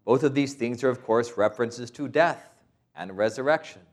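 A man's voice: medium pitch, normal speed. A middle-aged man, a priest, preaching a sermon with stories, asides and quoted voices.

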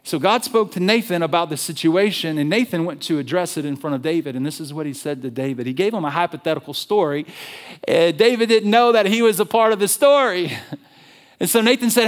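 A male pastor preaching a sermon in an animated, conversational storytelling way. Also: on the high side, fairly quick.

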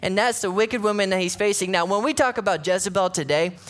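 Male pastor, higher-pitched voice, casual conversational sermon style with animated storytelling. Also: quick pace. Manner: conversational preaching, frequent "right?" asides, animated retellings.

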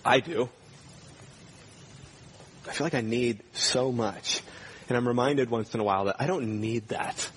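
A man's voice: medium pitch, unhurried, long pauses, slightly rough. A male pastor preaching a sermon in a church, earnestly putting pointed questions to his congregation.

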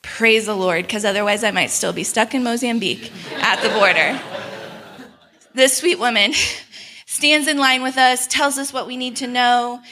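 A young woman telling a travel story in a sermon, animated and laughing often as she acts out the people in it. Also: on the high side, normal speed, slight background noise. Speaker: speaker at a church gathering.

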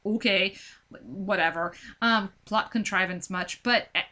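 Lady gushing about a book vs the movie, bright voice, acts out the scenes. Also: medium pitch, measured pace. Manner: animated, acts out scenes, many "like" fillers. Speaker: book discussion co-host. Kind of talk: casual chat.

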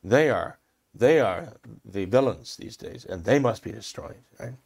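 Emphatic man clearing his throat. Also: on the low side, lively intonation, a little slow. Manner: impassioned, emphatic, repeats phrases for stress. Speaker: commentator. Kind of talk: religious commentary discussion.

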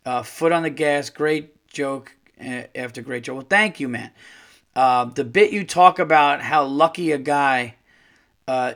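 A man's voice: a little high, a bit bright. A middle-aged man hosting a podcast alone, ranting angrily with lots of swearing and acting out conversations. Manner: angry ranting, swearing, acts out dialogue. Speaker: podcast host. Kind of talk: solo podcast rant.

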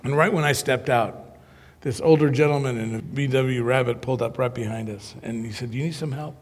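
A man preaching through a humorous personal story, animated and self-mocking. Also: mid-range voice, brisk, long reverb tail, slight background noise.

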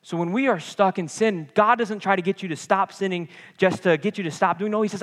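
A man's voice: high-pitched, brisk, few pauses, a bit bright, big-room sound. A man preaching a sermon to his congregation, passionate and rising and falling, with casual playful asides.

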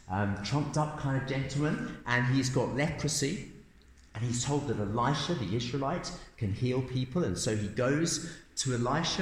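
A man preaching a sermon as pastor, emphatic and animated, with sudden jumps in pitch. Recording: roomy church room echo.

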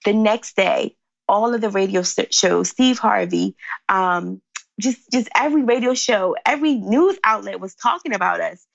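Woman guest from Philly, lively storyteller, fry in the voice, dull recording. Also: normal speed, no echo. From Philadelphia. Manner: expressive, acts out quotes with big pitch jumps. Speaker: guest, company founder. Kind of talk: animated storytelling in conversation.

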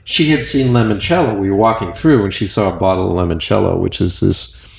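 Low gravelly guy hosting a podcast, echoey room, bit of hiss. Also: brisk. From United States east coast. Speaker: podcast host. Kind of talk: casual conversation.

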